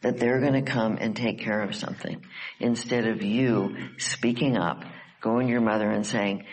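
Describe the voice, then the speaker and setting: A man leading a live workshop, coaching a participant with calm, direct, probing questions. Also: lowish voice, moderate pace, rough recording. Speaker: workshop facilitator.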